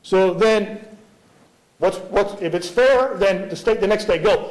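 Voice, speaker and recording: A man's voice: sits high, unhurried, rough recording. A man arguing as prosecutor in a courtroom, pressing his point with rhetorical questions. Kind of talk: courtroom argument before a judge.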